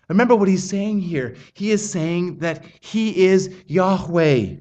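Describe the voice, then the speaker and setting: A middle-aged man preaching a sermon, earnest and emphatic, reading scripture aloud with slow, weighted pauses. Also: high voice, a little mellow.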